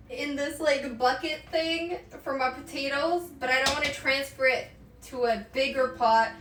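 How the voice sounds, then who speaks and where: Giggly high-voiced woman streaming from her kitchen. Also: steady tone, a little slow, far from the mic. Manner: giggly, rambling, lots of fillers. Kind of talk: casual chat while cooking. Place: home kitchen. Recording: roomy sound from away from the mic, faint background noise.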